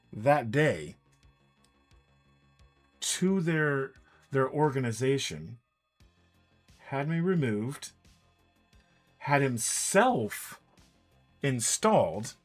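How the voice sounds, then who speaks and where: A man's voice: mid-range voice, very slow, long pauses. A man casually telling a long anecdote during a painting stream, acting out what each person said. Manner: animated anecdote, quoting others in dialogue. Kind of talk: casual storytelling while painting miniatures. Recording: faint music in background.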